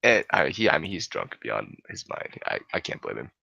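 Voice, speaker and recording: A young man tells a long, rambling comic story with a gravelly, husky low voice. His pitch swings a lot, and he curses and laughs as he goes. The sound is dry and close. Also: huge pitch swings, moderate pace, pushed and bright, dry recording, highs cut off. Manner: rambling, cursing, laughing often. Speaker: podcast host telling a story.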